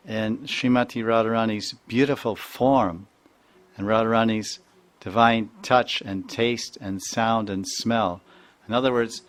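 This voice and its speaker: A man giving a devotional lecture as a spiritual teacher, chanting verses and imitating sounds in a playful, animated way. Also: mid-range voice. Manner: animated, playful, mimics sounds and voices, chuckles often.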